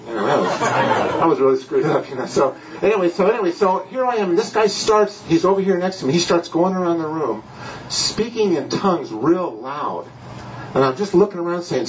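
A man's voice: fairly high pitch, very animated, a little fast, distant mic, highs cut off, a little hiss or hum. An older man preaching at a home gathering, telling stories with animation and laughing at himself. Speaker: pastor. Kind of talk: sermon.

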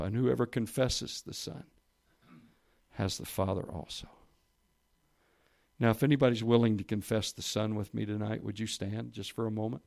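A man's voice: fairly even intonation, moderate pace, vocal fry, long pauses. Man preaching, reading a story aloud. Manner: reads quoted voices louder and higher, drops soft and low for emphasis. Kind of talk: sermon with a read-aloud story. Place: church or meeting room with listeners.

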